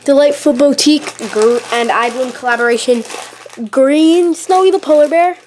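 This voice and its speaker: A high, bright-pitched woman talks through a casual show-and-tell vlog. She is chatty and gushing, leaning on "like" and repeating "really, really." She films on a handheld camera that shakes at times. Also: normal speed, a little hiss or hum. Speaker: YouTube vlogger showing her collection. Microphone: handheld camera, shaking at times.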